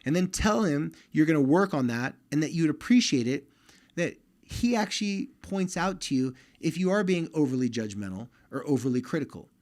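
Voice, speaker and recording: A man's voice: fairly high pitch, big pitch swings, a little fast, a little mellow. A man hosting a podcast, talking straight to listening fathers in a casual, direct way and giving advice on relationships with their sons. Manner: direct and conversational, speaking straight to listening dads.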